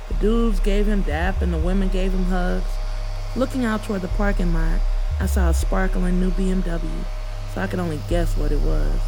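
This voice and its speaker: Lady telling a dramatic story first person, blunt and cussing, lowish voice. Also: noisy background. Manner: blunt, profane, emotional.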